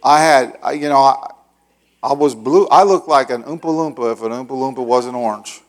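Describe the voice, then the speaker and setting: A middle-aged male pastor telling a long story in a sermon, acting out the voices and shouting the dramatic parts. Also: medium pitch, moderate pace. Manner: animated, acts out voices with loud shouts.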